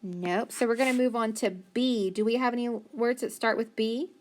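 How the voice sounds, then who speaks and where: A woman's voice: fairly high pitch, steady tone, moderate pace. A woman teacher leading a phonics lesson for young children, patiently sounding out words letter by letter.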